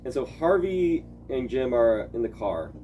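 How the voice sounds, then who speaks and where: Male host, casual and profane, middle pitch, slips into character bits. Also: very animated, unhurried, mellow, highs cut off, slight background noise. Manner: loose and profane, acts out character lines. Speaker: podcast host. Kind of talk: casual chat.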